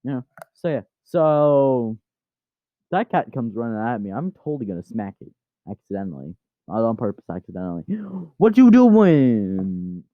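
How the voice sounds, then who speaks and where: A man's voice: fairly low pitch, animated, moderate pace, dry recording. A man hosting his channel, casually narrating a story while getting distracted, swearing at and teasing his cat at home. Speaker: channel host. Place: home room. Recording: dry, tinny phone-like sound.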